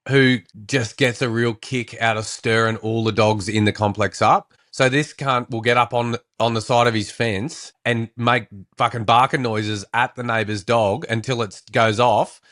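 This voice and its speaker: A man's voice: mid-range voice, steady tone, moderate pace, hardly any pauses, a bit bright. An Australian man co-hosting a podcast, telling stories in a blunt, sweary casual chat. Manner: blunt, sweary, laid-back storyteller. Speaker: podcast co-host.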